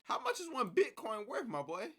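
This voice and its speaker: A man reacting to a video for his chat, excitable and full of slang, jumping between loud outbursts and mumbled asides. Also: very high voice, moderate pace, husky. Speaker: reaction streamer. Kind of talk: casual reaction commentary to chat.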